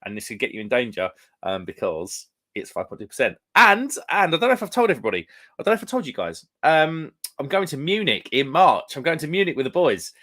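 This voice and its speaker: A man's voice: medium pitch, sing-song, fast talker, fairly bright tone. A young man from the UK hosting a live stream, chatting casually with viewers in a rambling way full of fillers. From United Kingdom. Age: young adult.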